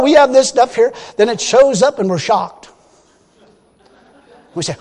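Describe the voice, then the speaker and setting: A man with a high voice delivers a sermon in a plain, folksy manner. He leans on his points and bursts into loud exclamations. His voice rings out with the long reverb of a hall. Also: expressive, a little slow, pauses often. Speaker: preacher.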